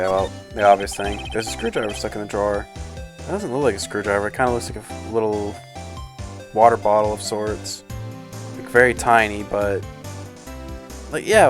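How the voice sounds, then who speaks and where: A man streaming a video game, giving casual, rambling, wry commentary. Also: fairly low pitch.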